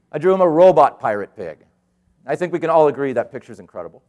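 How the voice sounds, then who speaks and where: A middle-aged man giving a conference keynote, telling stories in an animated way and acting out the voices of the people he quotes. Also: fairly high pitch, normal speed. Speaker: keynote speaker. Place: conference hall stage.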